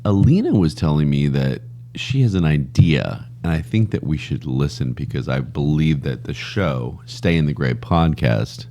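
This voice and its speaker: A man's voice: rumbling low, expressive, moderate pace, mellow. A man hosting a podcast, joking around loosely and swearing in casual chat. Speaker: podcast host. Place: Texas.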